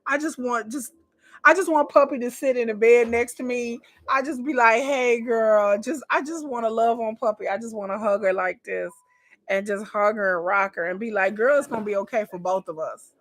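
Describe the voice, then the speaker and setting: A woman's voice: fairly high pitch, steady tone, normal speed, fairly bright tone. A woman giving casual reaction commentary on a reality show, chatty and repetitive, swearing and talking straight to her viewers. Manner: chatty, repeats herself, swears, addresses viewers as y'all.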